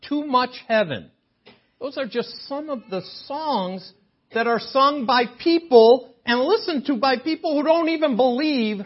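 Older man preaching, husky and lively. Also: high-pitched, lo-fi sound. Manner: animated, joking with the congregation. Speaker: guest preacher. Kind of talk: sermon. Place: chapel sanctuary.

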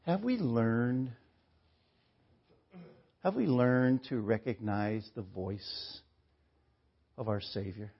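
A man's voice: medium pitch, slow pace, creaky, long pauses, breathy edge. A male preacher giving a sermon, earnest and full of rhetorical questions. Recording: dull lo-fi recording.

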